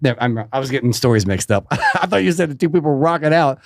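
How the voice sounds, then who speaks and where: A man's voice: medium pitch, expressive, fast, vocal fry, no echo, clean studio sound. A man co-hosting a podcast in a casual chat, joking, laughing a lot and cutting in often. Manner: jokey, laughs a lot, interjects. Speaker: podcast co-host.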